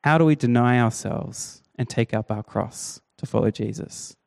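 A man preaching a sermon, telling the story with lively, acted-out quotes. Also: medium pitch, moderate pace, gravelly. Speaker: pastor.

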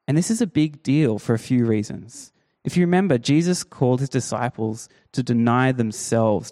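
Pastor telling a Bible story. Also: male voice, mid-range voice. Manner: lively storytelling, acting out quotes. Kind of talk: sermon.

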